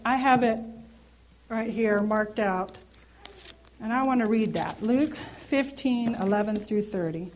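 A woman's voice: fairly high pitch, slow, slight background noise. A woman in her thirties giving an informal Bible teaching, speaking earnestly and often checking in with her listeners. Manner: earnest, conversational, asks listeners questions. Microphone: handheld microphone.

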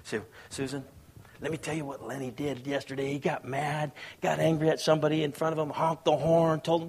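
With a husky voice, fairly even intonation, and a fairly quick pace, this man preaches a sermon as pastor. He tells stories, plays out quoted voices, and checks whether the crowd is following, moving from quiet low asides to loud surges.

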